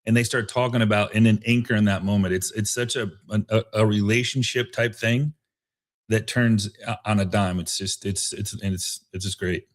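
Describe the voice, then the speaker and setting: A man's voice: fairly low pitch, steady tone, normal speed. A male host on a video call, talking earnestly with many restarts and affirming murmurs. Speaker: show host. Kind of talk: casual chat.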